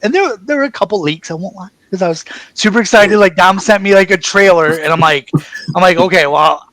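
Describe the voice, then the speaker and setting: An excitable man rattles off anecdotes in a casual interview chat, voicing both sides of every exchange. His voice sits a touch high for a man, and the recording is close and dry with almost no room sound. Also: fairly quick, no echo, poor audio. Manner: excited, rambling storyteller, acts out quoted exchanges. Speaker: actor guest.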